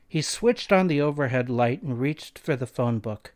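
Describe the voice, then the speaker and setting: A man's voice: medium pitch, lively intonation, normal speed, hardly any pauses, darkish tone. A man reading a scary young-adult novel aloud as narrator. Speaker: reader. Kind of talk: audiobook narration.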